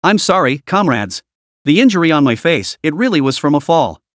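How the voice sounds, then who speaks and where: A man's voice: fairly high pitch, very animated, brisk, fairly bright tone, no room sound, clean studio sound. A man voicing a beaten-down male thug who stammers and mutters grudging apologies. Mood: cowed.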